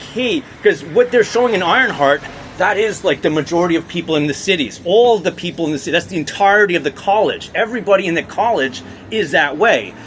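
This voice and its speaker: A man's voice: fairly high pitch, a bit bright, a little hiss or hum. A man delivering a heated political rant, talking in fits and starts with many repeated words and restarts. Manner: heated, repetitive restarts and stammers. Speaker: political commentator. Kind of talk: ranting monologue.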